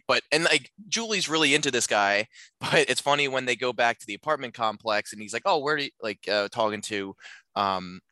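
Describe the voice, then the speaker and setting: A man casually talking through a film on a podcast, rambling with lots of filler words and acting out lines in animated voices. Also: mid-range voice, a little fast, no room sound.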